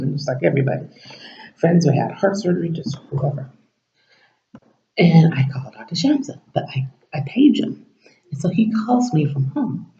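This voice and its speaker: A man rambles through a personal story to camera, slipping into quoted dialogue and sometimes sinking to a whisper. His voice is very dark and gravelly. The recording sounds dull and lo-fi, in a roomy space. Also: on the high side. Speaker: vlogger.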